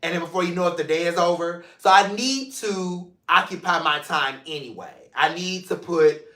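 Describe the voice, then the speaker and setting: A man's voice: high voice, normal speed, pushed and bright. A man hosting his own mental health show, talking casually and playfully to his viewers from his chair at home. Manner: chatty, playful, affectionate toward viewers. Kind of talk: casual solo vlog talk. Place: seated in a room at home. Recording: roomy, echoey room.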